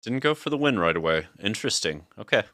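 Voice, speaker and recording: A man's voice: fairly low pitch, big pitch swings, quick pace, sharp tone. A man streaming a card game match, chatting casually, thinking aloud and laughing often. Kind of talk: casual gaming chat.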